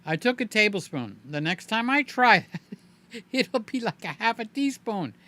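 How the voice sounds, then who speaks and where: A man's voice: high-pitched, moderate pace. A man in his seventies hosting a live stream, chatting casually and joking between points. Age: 70s. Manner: chatty, animated, joking asides.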